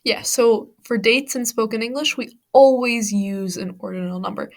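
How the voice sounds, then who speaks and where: A woman's voice: on the high side, moderate pace, few pauses. A woman with an American accent teaching an English-as-a-second-language lesson, explaining patiently step by step with worked examples. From United States. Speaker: ESL teacher.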